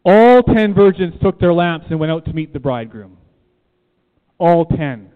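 A man's slightly high voice moves smoothly and unhurriedly, with lively intonation, as he preaches to a room. He is emphatic, repeats key phrases, and asks questions. The church room recording has a tinny, phone-like quality and long reverb.

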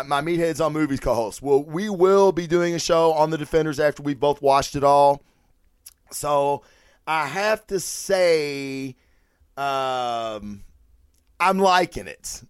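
Podcast host, male, higher pitch, dry room; profane animated rambling rant. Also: clear, resonant tone, no echo. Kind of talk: casual solo podcast rant.

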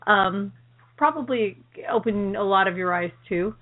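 A woman co-hosting a call-in internet radio show, chatting casually, excitable and quick to laugh. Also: medium pitch. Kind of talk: casual chat. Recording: phone-like band-limited audio.

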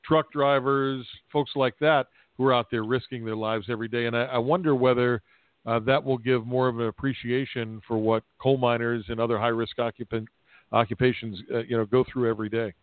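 A man's voice: medium pitch, steady tone, brisk, no room sound. Podcast host guy, long rambly questions, tinny phone sound. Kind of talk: podcast interview.

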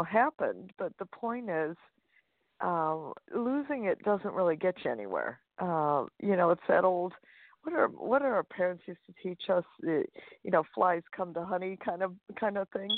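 A woman guest author is interviewed over a phone line, her fairly low voice coming through dry and tinny with no echo. She's upbeat and chatty, with many fillers and restarts.

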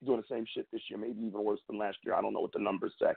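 A young man hosting his own sports show, venting in a fired-up, repetitive way with big jumps in pitch. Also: steady tone, rapid-fire, vocal fry, slightly rough. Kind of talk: fan rant and commentary. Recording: tinny phone-like audio.

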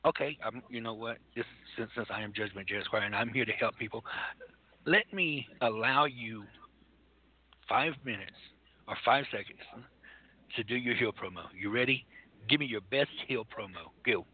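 A man's voice: medium pitch, normal speed, husky. A man co-hosting a comedy radio show, stammering and exasperated as he mock-interviews a guest. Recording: tinny phone-like lo-fi recording.

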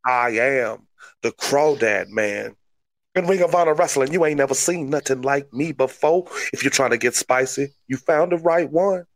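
A man's voice: medium pitch, normal speed, natural voice. A man putting on a brash, swamp-bred Cajun wrestler, boasting in a drawling promo voice. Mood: hyped.

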